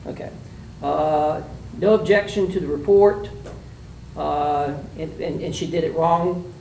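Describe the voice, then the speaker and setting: A man with a fairly high voice gives students folksy, plainspoken feedback, full of "uh"s and "um"s, in the manner of a mock trial judge. He sounds far from the mic, in a roomy, echoey space with a faint hiss of room noise. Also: fairly even intonation, takes it slowly, vocal fry, darkish tone. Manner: folksy, plainspoken, with many fillers. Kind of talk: spoken critique to students.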